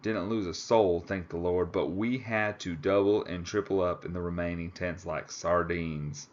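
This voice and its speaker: A gruff, folksy cowboy drawls in a put-on Texas accent, as a man reading a storybook acts him out. The voice sits low and unhurried. The audio is a little muffled and lo-fi. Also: fairly even intonation, lightly acted. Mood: weary. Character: gruff Texan cowboy climber, drawling, plainspoken.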